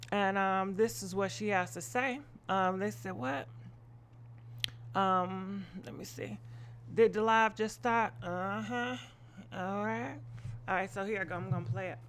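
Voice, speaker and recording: A woman's voice: mid-range voice, a bit bright, slight background noise. A woman hosting a live gossip stream, giving blunt, opinionated commentary full of swearing and rambling asides. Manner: rambling with frequent ums and asides. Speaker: gossip show host.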